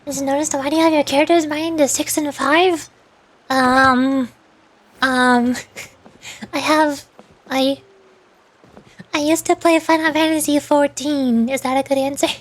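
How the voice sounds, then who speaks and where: A young woman streams her gameplay, chatting in a rambling, giggly way. Her voice is high-pitched. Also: steady tone, measured pace, long pauses. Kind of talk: casual gameplay streaming chat.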